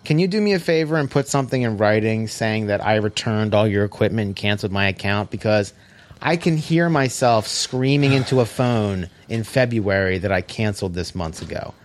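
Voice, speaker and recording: A man chatting casually on a podcast, telling an animated, profane story and acting out quoted phone calls in a flatter, lower voice. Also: a little fast. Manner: animated storytelling, self-described hothead, profane. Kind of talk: casual chat.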